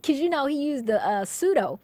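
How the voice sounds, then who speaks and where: A woman, an actress, being interviewed and telling lively stories about her work, laughing often and acting out quotes. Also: high voice, brisk, no room sound. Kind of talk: casual interview storytelling.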